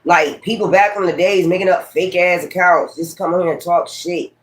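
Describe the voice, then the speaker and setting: A man's voice: sits high, steady tone, fairly quick. A man with a Brooklyn accent doing a tarot reading, ranting profanely and combatively at his critics. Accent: Brooklyn, New York. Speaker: tarot reader. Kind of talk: casual tarot livestream rant.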